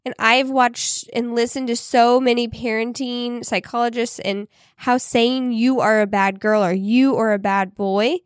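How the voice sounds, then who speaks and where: A woman's voice: fairly high pitch, fairly even intonation, a little slow, few pauses, no room sound, studio quality. A woman co-hosting a podcast, talking in casual chat with many fillers. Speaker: podcast co-host.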